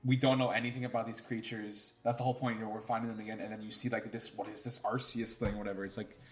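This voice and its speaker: Quick-talking man in casual chat. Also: fairly low pitch, little pitch movement. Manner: quick, thoughtful, many filler likes. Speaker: podcast co-host.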